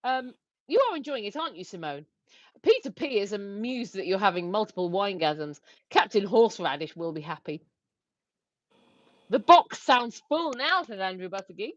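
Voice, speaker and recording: A woman's voice: medium pitch, expressive, fairly quick, dry recording. A woman co-hosting a casual livestream, laughing often and reading viewer comments aloud. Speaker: livestream co-host. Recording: dry, slightly dull lo-fi stream audio.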